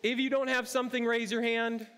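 A high-pitched male pastor delivers his sermon in a church auditorium. He's playful and interactive, talking straight to the people in the seats. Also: little pitch movement, fairly quick, fairly bright tone, clear, resonant tone. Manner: playful, interactive, addresses congregation directly. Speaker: campus pastor.

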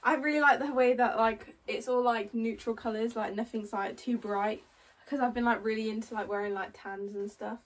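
A woman hosting a home vlog, chatting casually with lots of "like" fillers and quick giggles. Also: fairly high pitch, steady tone. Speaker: vlogger host. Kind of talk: casual chat. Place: home bedroom. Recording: voice from a distance.

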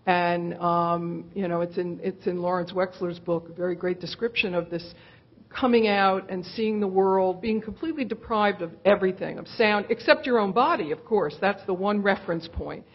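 A woman's voice: mid-range voice, moderate pace, highs cut off. A woman interviewing an artist onstage, asking long, thoughtful questions that search for words with many fillers. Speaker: interviewer, curator. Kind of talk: live onstage conversation.

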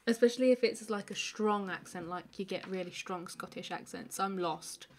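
An artist streaming her drawing session talks in a mid-range voice at a moderate pace, laughing often, rambling with fillers and reading out viewer comments to reply. A little hiss or hum sits in the background.

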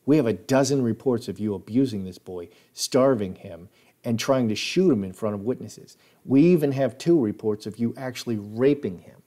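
A man voicing a stern police supervisor barking forceful orders. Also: mid-range voice, animated, normal speed, close to an everyday voice.

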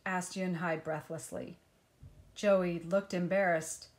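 A woman reading a children's picture book aloud in a gentle, unhurried way. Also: medium pitch. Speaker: storyteller.

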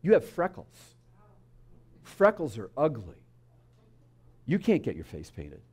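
Blunt, teasing little girl in a flat, low voice, as the preacher puts her on in a sermon story. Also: takes it slowly, husky, full character voice. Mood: taunting.

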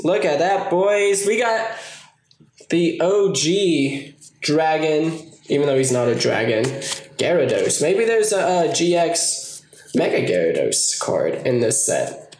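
A man's voice: fairly high pitch, takes it slowly. Young male unboxing host, jokey and foul-mouthed, faint background hiss. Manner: excitable, swears a lot, jokey asides. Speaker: YouTuber opening card packs. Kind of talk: casual unboxing commentary. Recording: echoey room with faint noise.

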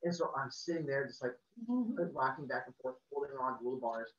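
A man casually telling a personal story, acting out the people in it with lively energy. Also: medium pitch, a little fast. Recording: roomy, distant, muffled video-call audio.

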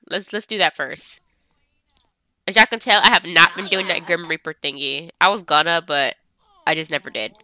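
A woman's voice: mid-range voice, bright, forceful tone, dry recording, studio quality. A young woman chatting casually as she plays a life-sim game, talking to her characters. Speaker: gameplay streamer. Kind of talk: casual gameplay commentary.

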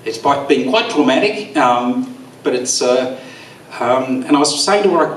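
A man's voice: medium pitch, expressive, a little hiss or hum. Teary man in an echoey hall. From Australia. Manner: rambling, halting, with many fillers. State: teary, voice quavering. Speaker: eulogy speaker. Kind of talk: memorial speech. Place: bowls club hall. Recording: echoey room, far from mic.

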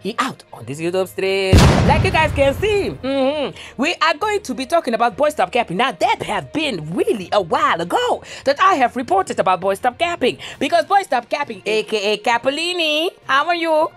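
Chatty woman, lively exclaiming vlogger. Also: high voice, normal speed, few pauses, soft background music. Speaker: YouTube news reporter. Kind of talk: drama commentary vlog.

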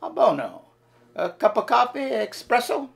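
A man's voice: very high voice, big pitch swings, moderate pace, creaky, fairly bright tone, husky, voice pushed up, full character voice. A man voicing an effusive, theatrical Italian waiter in a language-lesson skit, with a put-on Italian accent and a sing-song delivery.

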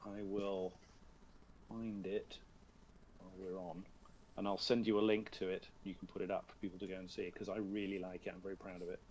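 A man's voice: deep voice, level tone, brisk, darkish tone, slight background noise. A man with a British accent, a guest voice actor chatting casually over a video call on a tablet, talking through what he is doing and laughing at himself.

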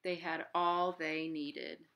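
A woman, a children's librarian at home, reading a picture book aloud to children with expressive storytelling and sound effects. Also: sits low, slow.

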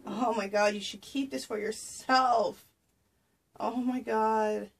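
A woman's voice: fairly high pitch, fairly even intonation, takes it slowly, creaky. A woman vlogging to her camera at home as she opens a package of craft gifts, gushing with breathless exclamations of delight. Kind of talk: excited unboxing chat to camera. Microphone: camera she sets up herself.

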